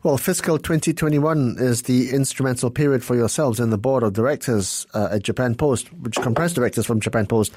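A man's voice: medium pitch, brisk, few pauses, a little mellow, no echo, clean studio sound. A man hosting a business interview, putting direct, pointed questions to his guest. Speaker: interviewer host.

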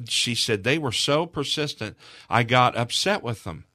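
Man, earnest storyteller, rises in loudness at key moments, dry close studio sound. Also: mid-range voice, moderate pace, dry recording. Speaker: charity representative. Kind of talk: storytelling in a radio interview.

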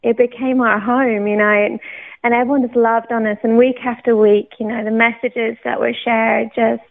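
A young woman from the UK telling her personal faith story in a casual, animated way, laughing often and restarting her sentences. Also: a little high, moderate pace, gravelly. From United Kingdom. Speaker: guest sharing testimony. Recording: narrow phone-like radio audio.

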